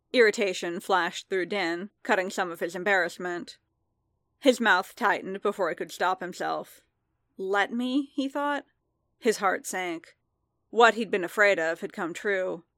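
A woman narrating a story in a measured, calm reading voice, close to the mic. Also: mid-range voice, no echo. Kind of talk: audiobook fan fiction reading.

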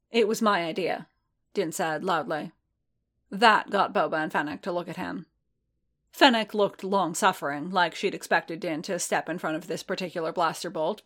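A woman reads a story aloud with even, unhurried narration. Her voice sits fairly low for a woman. She now and then restarts a phrase. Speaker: reader. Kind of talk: reading fan fiction aloud.

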